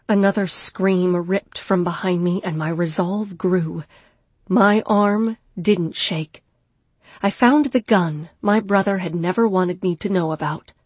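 A woman narrating an audiobook in measured first person, dropping to a hush at times. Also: mid-range voice, breathy edge, no echo. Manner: measured, dark first-person storytelling with hushed passages. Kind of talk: scripted narration. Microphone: studio microphone.

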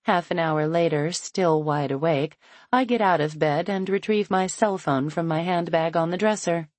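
A woman's voice: on the low side, normal speed, darkish tone, no echo. A woman narrating a first-person romance audiobook in an intimate, playful storytelling manner.

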